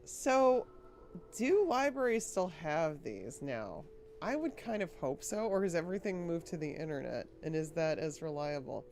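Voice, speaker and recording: A woman's voice: low-pitched, very animated, moderate pace, a little mellow, a little hiss or hum. Giggly, chatty woman streamer from Rhode Island. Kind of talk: casual livestream chat.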